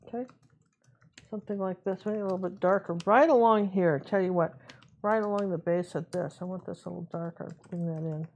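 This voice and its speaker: Chatty woman teaching painting live. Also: mid-range voice. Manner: relaxed, chatty, talks to herself while working. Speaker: painting instructor.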